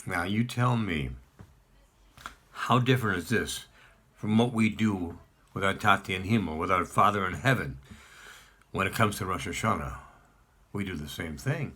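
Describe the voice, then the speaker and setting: A man's voice: fairly low pitch, animated, normal speed, pauses often, bright, forceful tone, slightly rough. A man speaking as a rabbi, giving a sermon built around a parable and putting questions to his listeners. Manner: storytelling, asks the listeners questions.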